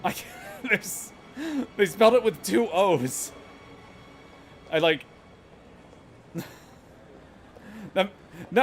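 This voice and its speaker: A man streaming a game and giving sarcastic, critical commentary, laughing and cursing as he goes. His voice is fairly high and swings widely in pitch. Game music plays behind him. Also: animated, very slow, long pauses. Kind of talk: critical live gameplay commentary.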